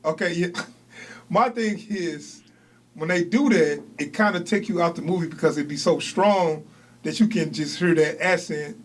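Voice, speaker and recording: A man's voice: a little high, normal speed. A young man co-hosting a podcast in casual chat, laughing often and rambling in loose slang. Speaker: podcast co-host.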